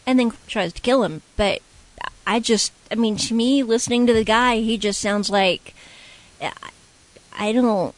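A woman co-hosting a talk show, chatty, retelling stories with quick quoted voices. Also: a little high, dry recording, rough recording. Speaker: co-host. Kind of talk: casual chat.

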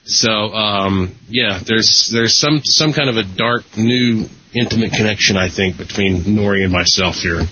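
A man's voice: fairly low pitch, unhurried, few pauses, sharp tone, slightly rough, no room sound. A man hosting a casual talk show, rambling with fillers and self-deprecating humor. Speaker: podcast host. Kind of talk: casual chat. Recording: dull lo-fi recording.

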